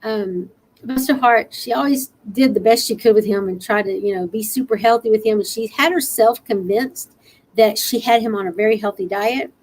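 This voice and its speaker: A woman's voice: on the high side, moderate pace, darkish tone, poor audio. Tired, earnest woman host urging listeners on. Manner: earnest and encouraging, laughs easily. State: tired after a long night. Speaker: show host. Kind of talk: motivational live-stream talk.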